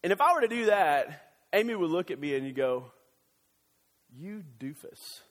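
A male pastor preaching a sermon in a church, animated and joking, with quick excited bursts. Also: high-pitched, in a large hall.

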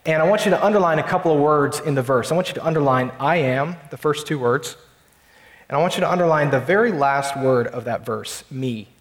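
Man preaching in an echoey hall. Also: on the high side. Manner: emphatic, slows down to stress key lines. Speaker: pastor. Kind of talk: sermon.

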